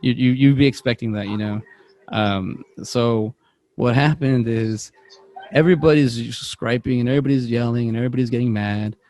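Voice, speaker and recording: A man's voice: mid-range voice, normal speed, no room sound. A man on a podcast telling a long work story in casual chat, rambling and acting out the voices of the people in it. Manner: rambling, animated, acts out quotes, self-interrupting. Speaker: podcast co-host.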